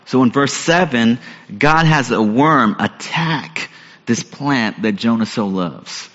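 A man's voice: medium pitch, lively intonation, slow pace, a bit bright. A man preaching a sermon in an earnest, conversational way, asking his listeners questions. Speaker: pastor. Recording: echoey hall, dull lo-fi sound.

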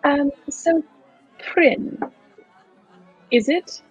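A woman's voice: high-pitched, extremely slow, soft background music, a faint crowd. A woman playing a tabletop game, playful and full of questions. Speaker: player. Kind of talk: casual chat at a game table. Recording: dull, dry lo-fi sound.

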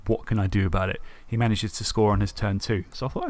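A man on a podcast, telling the story of a tabletop game match in a lively way, swearing and acting out his own thoughts. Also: fairly low pitch, fast. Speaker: podcast co-host. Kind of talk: casual tabletop game recap.

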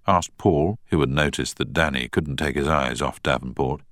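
A man narrating a novel in a measured, expressive reading. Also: a bass voice, no room sound, studio quality. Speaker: audiobook narrator. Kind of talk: scripted narration.

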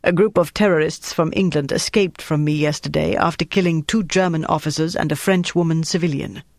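A man's voice: a little high, steady tone, fairly quick, creaky, no room sound. Male narrator doing a menacing German officer, clipped, commanding, dry close sound. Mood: cold.

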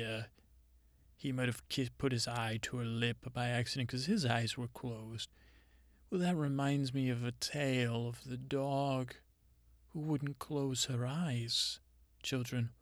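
In an improvised comedy monologue, a man plays a female Mother Nature spirit who rambles and thinks highly of herself, telling stories in a halting, deadpan manner. His voice is medium-pitched and close to how he'd normally talk, with no room sound.

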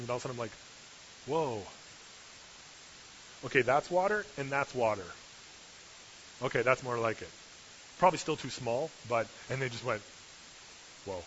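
A man preaching an animated sermon, telling the story with acted-out voices and dropping from hushed tones to loud bursts. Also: medium pitch. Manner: lively, acts out voices, shifts from hushed to loud. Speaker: pastor. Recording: dull lo-fi recording with faint hiss.

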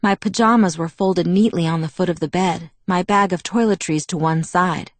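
A woman narrating a novel in the first person, measured and even. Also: on the low side, dry recording. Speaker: audiobook narrator.

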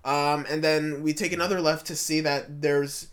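A young man is rambling through a story on a casual podcast. His voice sits a little high, and he stumbles over restarts and fillers as he talks. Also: flat delivery, moderate pace, fairly bright tone. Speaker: podcast host.

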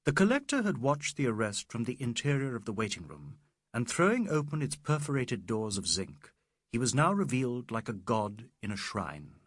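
A man reading a novel aloud as narrator, expressive and measured. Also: medium pitch, dry recording, studio quality. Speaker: audiobook narrator. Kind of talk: scripted narration.

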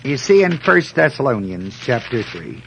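A man teaching through Bible verses one by one, reading scripture aloud in a measured cadence and stressing key words. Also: mid-range voice, sing-song, creaky, a bit bright, highs cut off, slight background noise. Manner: slow and deliberate, emphatic on key words.

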